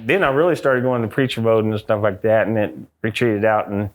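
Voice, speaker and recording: A middle-aged American man, a guest on an interview, telling a ghost story with lively acted-out quotes. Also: lowish voice, brisk. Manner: acts out quotes in a raised excited voice.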